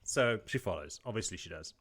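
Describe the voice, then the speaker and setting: Animated man retelling a story. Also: low-pitched, a little fast. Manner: animated retelling, slipping into character quotes and swearing. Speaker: podcast co-host. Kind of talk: casual book-discussion chat.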